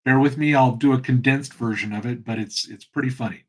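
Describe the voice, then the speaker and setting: A man's voice: mid-range voice, fairly even intonation, a little fast, a little mellow. A middle-aged man hosting his own channel, talking in a loose, rambling, conversational way. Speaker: channel host. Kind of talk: casual monologue.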